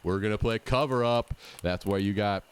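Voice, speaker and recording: A man's voice: fairly low pitch, moderate pace, a little hiss or hum. A man giving sarcastic, mocking play-by-play of a game show rerun, talking back at the screen. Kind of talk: casual sarcastic play-by-play commentary.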